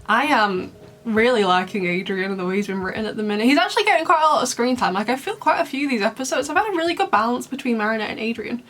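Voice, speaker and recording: A woman's voice: fairly high pitch, lively intonation, racing, fairly bright tone. A young woman chatting casually to camera, bubbly and rambling, laughing often. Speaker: YouTuber reviewing fan memes.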